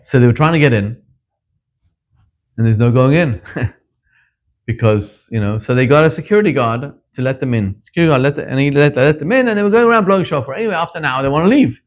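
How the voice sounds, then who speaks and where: A middle-aged man from Zimbabwe, a rabbi giving a sermon and telling stories, his voice climbing sharply whenever he stresses a point. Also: quick pace. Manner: animated storyteller, pitch leaping up for emphasis. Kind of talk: sermon with storytelling. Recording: dull lo-fi recording.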